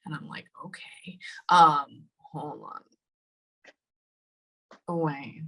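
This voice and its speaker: Bright-voiced woman medium. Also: lowish voice, rough recording. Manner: casual, pauses often with "hold on" and drops to whispers. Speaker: psychic medium. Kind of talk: live reading session.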